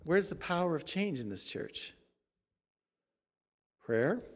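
A man preaching a sermon as pastor, emphatic, moving from quiet asides to loud rising exhortation. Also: on the high side, big pitch swings, takes it slowly, slightly rough. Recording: long hall reverb.

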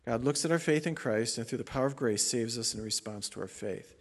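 A man's voice: mid-range voice, fairly quick. Emphatic male preacher in a reverberant hall. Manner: emphatic preaching, swings from loud declarations to quiet asides. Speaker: pastor. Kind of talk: sermon.

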